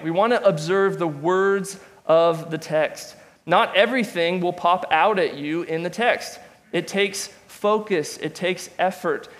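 High-voiced man teaching in a hall. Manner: conversational, with restarts and asides. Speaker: Bible class teacher. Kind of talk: classroom teaching. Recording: long reverb of a large room.

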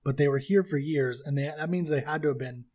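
A man's voice: a little high, quick pace, darkish tone. A man co-hosting a casual podcast chat, enthusiastic and rambling, laughing at his own points. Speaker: podcast co-host.

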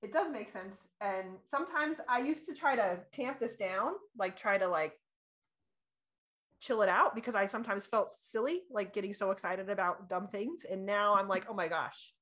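A young adult woman co-hosting a casual chat, bubbly and animated, laughing often and acting out her own past reactions. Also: medium pitch, normal speed.

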